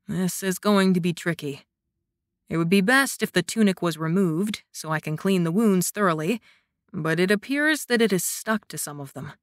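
A woman narrator voicing a young male warrior who teases and reassures in a low, steady voice in an audiobook. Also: normal speed, no echo, studio quality, lightly acted. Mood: calm. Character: young man, grinning teasing warrior.

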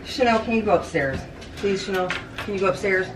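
A woman's voice: medium pitch, animated, a little fast, a little hiss or hum. A woman at home confronting her husband in a prank video, demanding to know what he is doing. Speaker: wife. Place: home, indoors. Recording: echoey room, mic far off.

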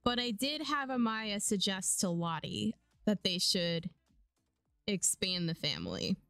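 A young woman streaming a life-sim game, chatting casually and getting excited and squealy at times. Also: medium pitch, unhurried, creaky, no room sound, clean studio sound, soft background music. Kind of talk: casual gameplay commentary.

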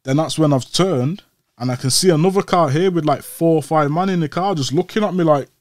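A man's voice: fairly high pitch, brisk, no echo. Man telling a story in street slang. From Old Trafford, Manchester, England. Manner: street slang, animated retelling. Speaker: interview guest. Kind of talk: casual storytelling.

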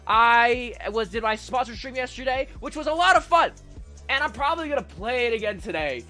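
Young male streamer, upbeat and chatty, cusses a lot; bright voice, faint music behind. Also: extremely high pitch, expressive, fairly quick. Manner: upbeat, chatty, swears freely. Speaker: livestreamer. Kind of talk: casual live-stream chat.

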